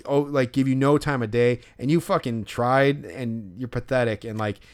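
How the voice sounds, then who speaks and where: A man's voice: mid-range voice, fairly even intonation, moderate pace, smooth. A young man and podcast co-host telling a long, profane, ranting story in casual chat.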